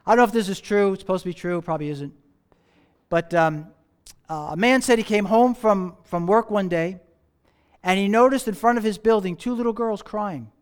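A man's voice: sits high, clean tone. A man preaching a sermon as pastor, in a conversational way, asking the congregation rhetorical questions and repeating his key phrases.

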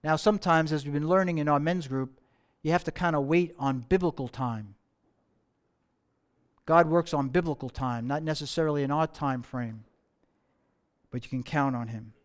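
A man preaching a sermon, telling a story with slow dramatic pauses and dropping to soft tones. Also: a little high, clean tone.

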